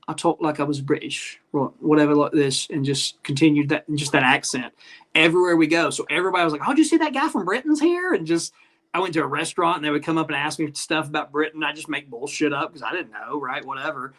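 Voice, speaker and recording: Man, former wrestler, guest, rapid rambling talk, profane stories, slightly high-pitched. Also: steady tone, sharp tone. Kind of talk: casual chat.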